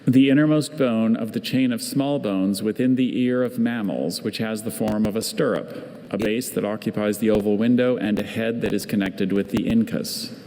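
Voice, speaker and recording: A man, the pronouncer at a spelling bee, reading definitions and word origins in a measured, patient way. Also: lowish voice, mellow. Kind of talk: reading word information aloud. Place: large competition hall. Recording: hall reverb, faint ambience.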